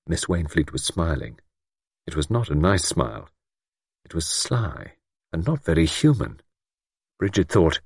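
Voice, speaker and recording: Guy reading a novel aloud, low voice, kinda husky, lots of pitch movement. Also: no echo, clean studio sound. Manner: measured, expressive storytelling. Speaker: narrator. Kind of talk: scripted audiobook narration.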